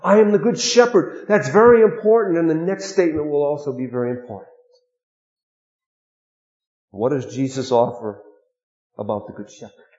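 A man preaching a sermon, earnest, dropping to a hush and then rising to emphatic stress. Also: mid-range voice, normal speed, pauses often, reverberant, dull audio. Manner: earnest, with sudden swings between hushed and emphatic.

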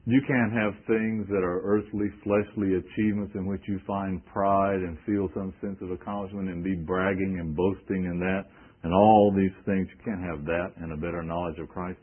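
A man's voice: deep voice, flat delivery, normal speed, husky, phone-quality sound. A male preacher giving an emphatic sermon, quoting scripture and asking rhetorical questions.

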